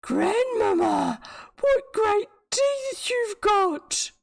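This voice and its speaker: A woman with a New Zealand accent voicing an innocent little girl, pitching her voice well up and asking slowly in wonder. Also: very animated, creaky, heavily acted. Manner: high, slow, wide-eyed questioning.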